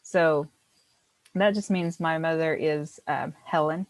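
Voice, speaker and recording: A woman's voice: sits low, fairly even intonation, takes it slowly, no room sound, low-quality recording. A woman teaching a beginner language class, explaining patiently step by step and encouraging her students.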